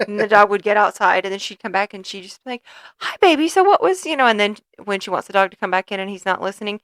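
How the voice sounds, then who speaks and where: A woman's voice: medium pitch, flat delivery, quick pace, a bit bright, dry recording. A young woman co-hosting a podcast in casual chat, playful and teasing as she tells stories. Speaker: podcast co-host.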